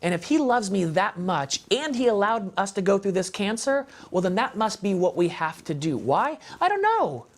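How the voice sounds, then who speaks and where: On a parenting show, a guest speaker delivers an impassioned faith testimony in a high-pitched voice with lively intonation, moving at a normal speed and barely pausing. His manner is conversational, full of fillers and restarts, and he repeats phrases to drive points home.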